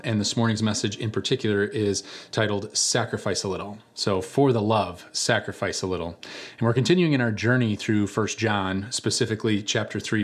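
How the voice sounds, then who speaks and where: Conversational male pastor preaching. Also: on the low side. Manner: conversational storytelling with animated voices for quoted characters. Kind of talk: sermon.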